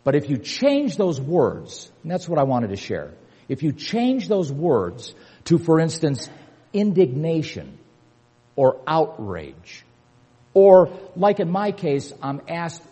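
Older man, preacher, husky voice, swooping lively delivery, long echo of a big hall. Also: fairly high pitch, takes it slowly. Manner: emphatic, repeating key words, rising to punchy peaks. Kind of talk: sermon.

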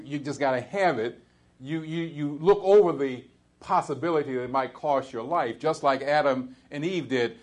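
Conversational male preacher. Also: mid-range voice. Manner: conversational preaching with rising emphatic peaks; halting restarts and fillers. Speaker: pastor. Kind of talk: sermon.

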